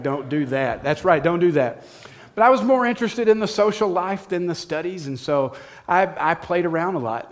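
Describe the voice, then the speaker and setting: Storytelling man preaching a sermon. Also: on the high side. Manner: conversational storytelling, addresses listeners directly. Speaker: pastor.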